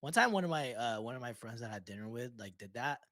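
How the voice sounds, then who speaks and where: A man co-hosting a podcast, chatting casually in an animated way and swearing freely. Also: medium pitch, fast, no echo, clean studio sound. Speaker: podcast co-host. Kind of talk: casual chat.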